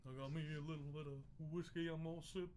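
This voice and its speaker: A man's voice: fairly high pitch, fairly even intonation, quick pace, a little mellow, slight background noise, close to an everyday voice. A man putting on a playful, drawling 1950s rock-and-roll crooner voice. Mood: hammy swagger. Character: crooning 1950s rock-and-roll male singer, hip-shaking.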